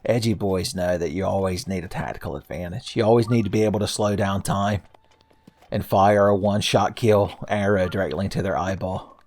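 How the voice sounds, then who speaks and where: A man's voice: deep voice, fairly even intonation, brisk, darkish tone. A man in his thirties giving casual gameplay commentary as a let's play host, with jokey, sarcastic and profane asides. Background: faint game music.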